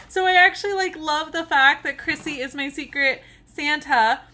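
A woman's voice: high-pitched, animated, normal speed, few pauses, heavy background noise. A woman with children gushing and giggling as she unboxes a gift in a casual vlog. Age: adult with children. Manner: gushing and giggly, often squealing with delight. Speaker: tumbler crafter unboxing a gift.

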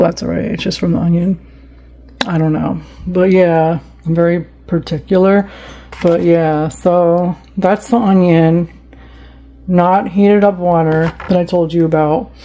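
Recorded on a countertop camera and phone, a woman cooking vlogger chats in a rambling, self-talking way as she makes food in her home kitchen. Her voice is warm and fairly low-pitched, though the audio is poor.

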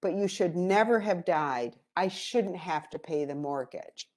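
A woman's voice: lowish voice, a little slow, a little mellow, lightly acted. A woman voicing a grieving elderly widow who sounds tearful and lost and keeps repeating herself.

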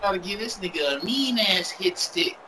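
A man's voice: high voice, animated, normal speed. A man in casual, profane, joking chat while playing a video game. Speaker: gamer. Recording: distant mic with game crowd.

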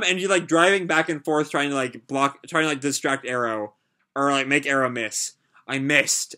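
A man's voice: medium pitch, animated, normal speed, pushed and bright. A man casually reading a comic aloud and reacting to it live, with frequent filler "like"s.

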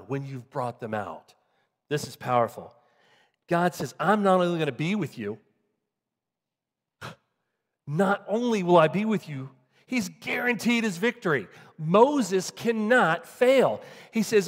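A man preaching in a church sanctuary, his voice ringing out with a long hall reverb. He sits a little high for a man and moves between strong, emphatic lines and hushed, lower-voiced asides to the congregation. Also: lively intonation, a little slow. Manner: dynamic, swings from loud emphatic peaks to quiet low asides. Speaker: pastor. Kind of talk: sermon.

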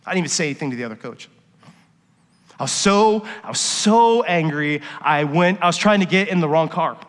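Middle-aged guy preaching, kinda high voice, goes quiet and confessional then punchy, big echoey church hall. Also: lively intonation, a little fast. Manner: confessional storytelling, swings from quiet to emphatic. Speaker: worship pastor. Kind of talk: sermon. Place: church sanctuary. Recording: long reverb of a church hall.

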